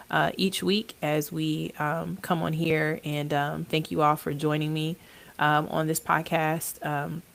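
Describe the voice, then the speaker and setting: Low gravelly congested woman podcaster. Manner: hesitant, many ums and uhs. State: congested from allergies. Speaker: podcast host and therapist. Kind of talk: casual podcast monologue.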